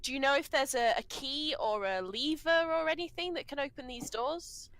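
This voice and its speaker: Gentle, slightly high woman player. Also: normal speed, no room sound. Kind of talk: tabletop game chat.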